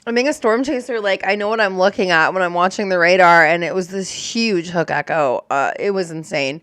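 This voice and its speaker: A woman's voice: lowish voice, a little fast, fairly bright tone, clear, resonant tone, dry recording, clean studio sound. A young adult woman who is a storm chaser, talking candidly and emotionally in a casual reaction chat, swearing and using lots of fillers.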